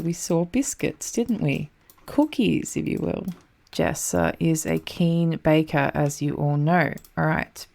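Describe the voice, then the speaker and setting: A woman's voice: deep voice, gravelly, darkish tone. A young Australian woman giving casual, frantic commentary while playing a map game, swearing under her breath.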